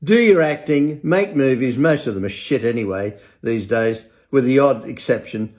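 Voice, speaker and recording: A man's voice: mid-range voice, moderate pace, a little mellow. An older man ranting in a monologue, blunt and sarcastic, swearing freely. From England.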